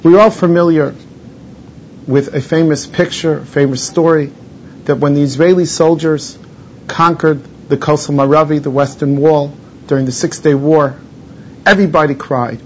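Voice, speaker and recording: A rabbi with a rather high voice teaches a Torah lesson on mourning laws, stopping to gloss Hebrew terms in plain English. The recording is dull and lo-fi, with a faint rumble underneath.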